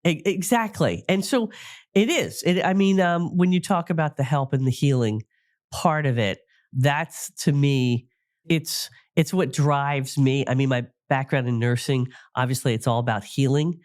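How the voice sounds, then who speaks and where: A woman hosting a podcast interview, talking in a rambling, warm way with frequent restarts. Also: very deep voice, unhurried, dry recording, clean studio sound. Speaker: podcast host. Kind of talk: casual interview.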